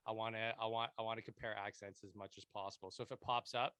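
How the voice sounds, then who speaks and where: A man's voice: lowish voice, level tone, fast talker, pushed and bright, no echo. A man in his thirties with a Canadian accent, hosting a casual podcast interview from his basement, chatty and rambling, often repeating words. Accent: Canadian English. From Montreal, Canada. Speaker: podcast host. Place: home basement.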